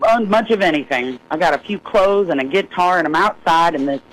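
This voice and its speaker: A woman in her sixties, a singer-songwriter guest, telling a story in a folksy, lively way and laughing often. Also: on the low side, fairly quick, rough recording. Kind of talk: animated storytelling.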